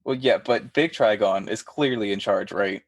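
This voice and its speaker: A man's voice: on the low side, normal speed, no room sound. A young man co-hosting a podcast, recapping a cartoon in laid-back, joking chat and swearing casually. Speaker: podcast co-host.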